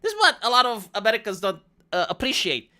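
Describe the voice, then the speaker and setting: Animated, bright-voiced male stream host. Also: high voice, quick pace. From Eastern Europe. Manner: animated, mocking impressions. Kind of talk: casual live-stream chat.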